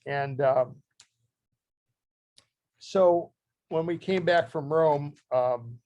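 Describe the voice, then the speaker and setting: Older man from Ohio, halting heartfelt talk. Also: on the high side, darkish tone, lo-fi sound. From Ohio, USA. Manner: halting and heartfelt, often restarting phrases. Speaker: guest speaker. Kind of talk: talk reading from his memoir.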